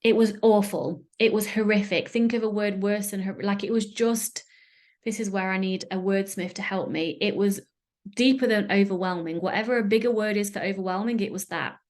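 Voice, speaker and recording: A woman's voice: medium pitch, fairly even intonation, a little fast, a little mellow. A woman with a British accent hosting a solo podcast, talking earnestly and emotionally, often searching for words. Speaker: podcast host. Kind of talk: candid solo podcast talk.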